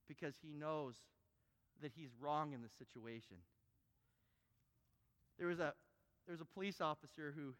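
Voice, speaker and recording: High-voiced preacher booming through a hall. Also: male voice, smooth. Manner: animated preaching, swinging from quiet to loud and emphatic. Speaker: pastor. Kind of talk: sermon. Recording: long hall reverb.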